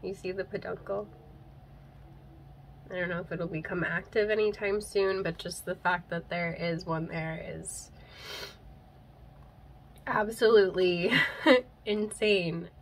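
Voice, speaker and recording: A young plant vlogger's casual unboxing, shot on a handheld camera, has poor audio and slight background noise. She speaks slowly with frequent pauses, in a low voice of fairly even intonation, yet gushes emotionally, her voice catching as she laughs and cries over what she unwraps.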